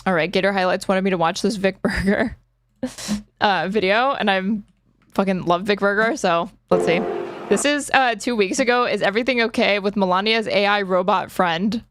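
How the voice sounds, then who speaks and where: A woman's voice: medium pitch, moderate pace, background noise. A woman hosting a casual reaction stream, talking sarcastically and swearing, with plenty of fillers. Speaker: streamer host.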